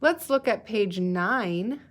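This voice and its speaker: Slow, patient woman teaching young readers. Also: mid-range voice, expressive. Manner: slow, patient, sounding out words and pausing for answers. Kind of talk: recorded guided-reading lesson for young students.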